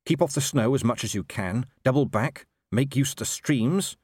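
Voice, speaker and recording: A man giving expressive scripted narration of a comic fantasy audiobook. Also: medium pitch, normal speed, husky, no room sound, clean studio sound.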